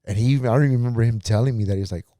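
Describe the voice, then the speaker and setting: A man's voice: medium pitch, racing, dark tone, no room sound, studio quality. A man, a pastor on a podcast, telling his life story earnestly and acting out past conversations. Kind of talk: personal testimony in casual talk.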